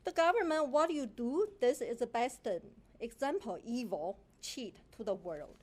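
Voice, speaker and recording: A woman with a Chinese accent speaks at a council podium, her voice set high. She is indignant and accusing, and her English is halting and broken. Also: animated. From China. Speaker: public commenter. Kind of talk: public comment at a council meeting. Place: council chamber.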